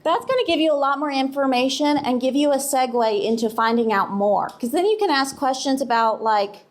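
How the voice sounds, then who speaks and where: Brief: woman co-presenter, fairly high voice, relaxed, dry joking asides. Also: brisk, hardly any pauses. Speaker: conference speaker. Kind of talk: conference talk. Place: conference hall.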